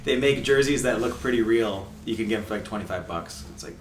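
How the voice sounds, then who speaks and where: A man co-hosts a soccer podcast in a casual, chatty way, laughing often. He talks fast in a fairly low voice. The recording has roomy echo, a distant mic, and faint hiss.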